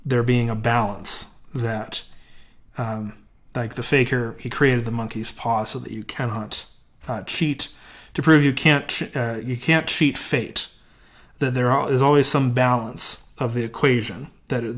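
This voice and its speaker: A man giving a live reading of a classic horror story, measured and slow at tense moments. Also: medium pitch, fairly even intonation. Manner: hesitant, many fillers in his commentary. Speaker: reader.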